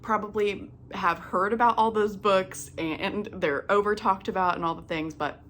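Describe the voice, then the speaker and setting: A woman's voice: mid-range voice, moderate pace, fairly bright tone, slight background noise. A young woman hosting a cross-stitch vlog, chatting casually and filling her sentences with "like" and "um". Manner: chatty, lots of "like" and "um" fillers. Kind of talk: casual chat.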